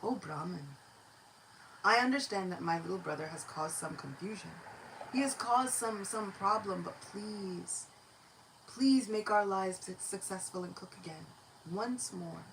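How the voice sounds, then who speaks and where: Woman as polite young man, apologetic, soft, courteous, storybook sermon. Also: medium pitch, measured pace, a little hiss or hum, natural voice, poor audio. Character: respectful young man, elder brother.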